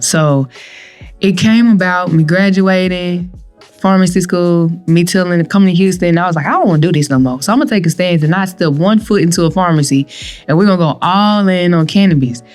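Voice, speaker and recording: A young woman with a lowish voice tells her own story as a podcast guest, acting out what she and others said with lively energy. Soft music sits faintly underneath. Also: normal speed. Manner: animated, acts out her own quotes and others' voices, laughs often. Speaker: guest, cannabis entrepreneur with a pharmacy doctorate. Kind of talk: personal storytelling in a podcast interview.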